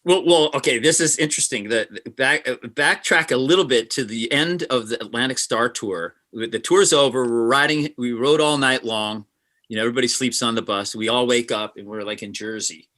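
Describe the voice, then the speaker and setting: Brief: guest musician, bright forceful voice, lively anecdotes, plays out every quote. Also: male voice, medium pitch, brisk. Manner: animated, acts out quotes. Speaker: session guitarist, guest. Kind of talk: interview storytelling.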